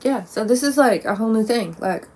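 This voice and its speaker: Blunt, gravelly-voiced woman vlogging. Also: a little high, expressive, a little fast, a little mellow, slight background noise. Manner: blunt and profane, rambling with many "like"s. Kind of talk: casual monologue to camera.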